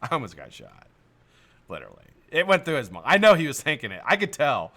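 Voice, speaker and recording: Animated, bright-voiced American man host. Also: fairly high pitch, fast talker. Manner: animated, greets viewers by name, swears and laughs often. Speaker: live-stream host. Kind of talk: casual live-stream chat.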